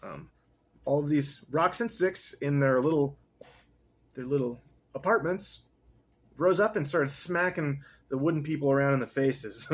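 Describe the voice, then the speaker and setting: A man's voice: a little high, unhurried. A young man reading a text aloud and casually commenting on it, rambling, profane and often interrupting himself. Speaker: reader.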